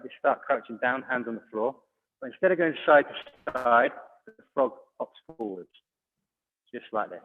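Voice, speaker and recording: A man coaching a children's online exercise class, encouraging and calling out commands. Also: medium pitch. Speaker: judo coach. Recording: phone-like audio, long hall reverb.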